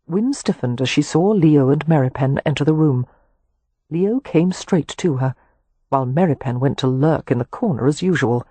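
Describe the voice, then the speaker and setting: Husky woman reading a romance novel. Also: sits low, no echo. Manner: measured, expressive reading. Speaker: audiobook reader. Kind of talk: scripted audiobook narration.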